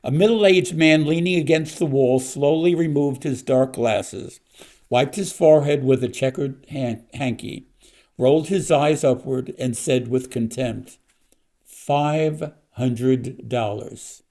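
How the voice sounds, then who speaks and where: Man, author reading his novel, steady storytelling, mellow tone. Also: mid-range voice, a little slow.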